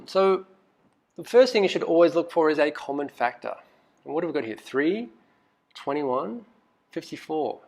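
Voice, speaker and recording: A male math teacher walking through a recorded lesson, asking lots of questions, coaxing students and muttering asides as he thinks aloud. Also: a little high. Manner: lively, asks questions and coaxes students.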